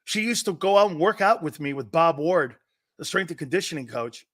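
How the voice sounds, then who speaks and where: A man's voice: a little high, expressive, fairly quick, fairly bright tone. A middle-aged man hosting a sports talk show, rambling through stories and laughing often. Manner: rambling storyteller, laughs a lot, quotes others. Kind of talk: casual live-stream sports talk.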